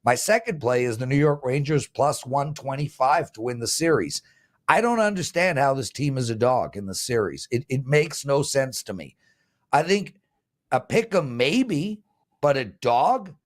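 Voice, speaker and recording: A man in his fifties hosting a sports betting show, pitching promo codes and boasting about his winning picks. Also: sing-song, normal speed. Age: 50s. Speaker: host and sports handicapper.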